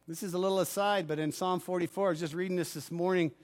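A male pastor preaching a sermon, moving between forceful commands and quieter asides, and often asking the congregation if they follow. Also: sits high, fairly even intonation, fast, hardly any pauses. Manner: preaching with rising fervor, commanding declarations; asks the congregation for responses.

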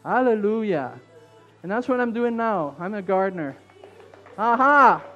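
French-accented preacher, high fervent voice. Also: male voice, expressive, normal speed, lo-fi sound, faint music behind. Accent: French Canadian. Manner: fervent, repetitive, builds to shouting. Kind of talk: sermon. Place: church.

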